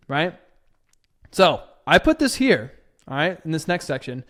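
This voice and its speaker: A man's voice: a little high, lively intonation, normal speed, fairly bright tone. A young man in his twenties giving a casual spoken lesson, talking loosely with lots of fillers and acting out both sides of a sales conversation. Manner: filler-heavy and conversational, acting out client dialogue. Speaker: copywriting course instructor.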